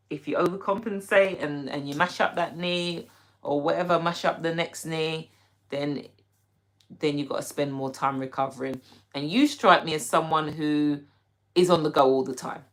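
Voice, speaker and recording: A woman with a low, unhurried voice hosting a casual live stream. She reads viewer comments aloud and answers them chattily, teasing playfully and laughing easily. Her talk stays relaxed and conversational throughout. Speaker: livestream host.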